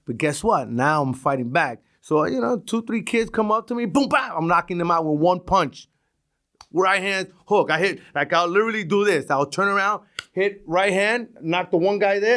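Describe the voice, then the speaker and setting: A middle-aged man from Brooklyn with a New York accent, telling stories as a podcast guest, animated and full of restarts. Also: high voice, moderate pace. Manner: animated, restarts a lot, acts out quotes. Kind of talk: casual storytelling interview.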